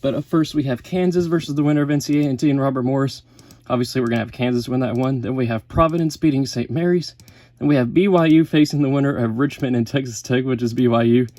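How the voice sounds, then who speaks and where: Guy vlogging fast about brackets, kinda out of breath, mellow voice, dry sound. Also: medium pitch, dry recording. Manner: rattles off lists quickly, corrects himself mid-sentence. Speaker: sports YouTuber. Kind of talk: casual bracket breakdown vlog.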